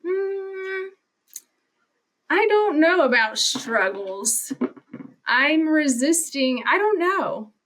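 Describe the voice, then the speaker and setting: A woman's voice: high voice, big pitch swings, extremely slow, pauses often, a bit bright, slight background noise. A woman from Ohio, a social worker, speaking as an interview guest. She talks hesitantly, with fillers and trailing starts. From Ohio, USA. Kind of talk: casual interview chat.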